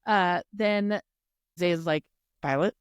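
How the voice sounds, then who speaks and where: A woman co-hosting a casual book podcast, retelling the plot in an animated way, acting out the characters and swearing freely. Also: on the low side, normal speed, no room sound, clean studio sound. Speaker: podcast co-host. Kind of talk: casual book recap chat.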